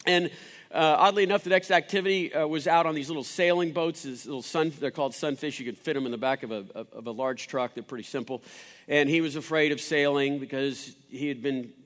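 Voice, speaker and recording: A man's voice: a little high, a little fast, fairly bright tone. Man telling a story in a reverberant hall. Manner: rambling, with many restarts and fillers.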